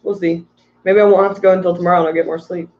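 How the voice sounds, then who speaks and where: A man's voice: high voice, level tone, racing, lo-fi sound. A tired man hosting a casual livestream about aquarium fish, rambling and ranting while reading out chat messages. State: tired from little sleep.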